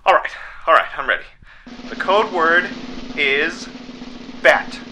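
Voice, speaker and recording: A man putting on an eager excited caller. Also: fairly high pitch, fast, slight background noise, exaggerated voice. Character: eager excitable male radio call-in contestant. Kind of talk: comedy sketch.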